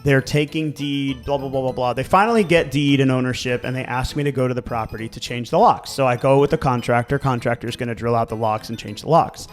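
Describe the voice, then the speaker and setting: A real estate agent who co-hosts a podcast talks fast with a medium-pitched Baltimore accent, barely pausing. He's an animated storyteller, telling casual tales with laughs and swearing over soft background music.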